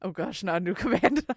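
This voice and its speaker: A woman's voice: on the high side, pushed and bright, no room sound, clean studio sound. A woman streamer chatting casually with her viewers, doting and playful, with cutesy internet slang. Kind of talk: casual live-stream chat, reading chat.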